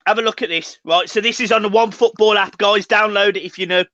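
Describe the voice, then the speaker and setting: A man's voice: sits high, steady tone, quick pace, sharp tone, no echo. A man co-hosting a fan channel, agitated and swearing, stumbling over words in a football reaction chat. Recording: dry, dull lo-fi sound.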